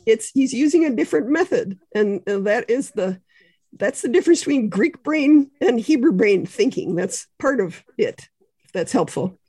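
A woman guest on a podcast explains ideas in a conversational way, leaning on examples and casual asides. Her voice sits a bit high with a mellow, husky tone. The sound is close and dry. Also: expressive, moderate pace, no echo. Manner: explains ideas with examples, frequent "you know" and small laughs.

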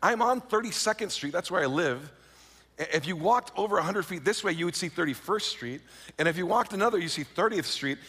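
A middle-aged man from California telling a personal story in a lively, self-mocking way, full of fillers and restarts and acting out the voices he quotes. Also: sits high, a little fast, breathy edge. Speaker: speaker. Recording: long reverb of a large hall.

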